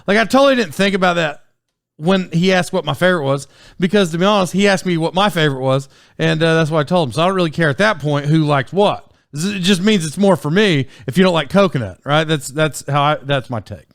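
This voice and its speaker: A man's voice: a little high, fairly quick, no room sound, studio quality. A man in his forties telling stories on his solo podcast in a casual, rambling way, full of fillers and restarts. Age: 40s. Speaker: podcast host.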